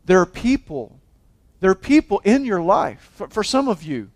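High-voiced impassioned male preacher. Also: very animated, moderate pace. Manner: impassioned, swings between loud exhortation and hushed intensity; frequent restarts and repeated words. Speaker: pastor. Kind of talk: sermon.

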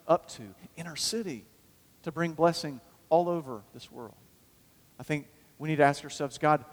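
Male pastor, sermon delivery, higher voice, big fervent swells and hushed asides, hall reverb. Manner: swings from loud fervent calls to quiet low asides.

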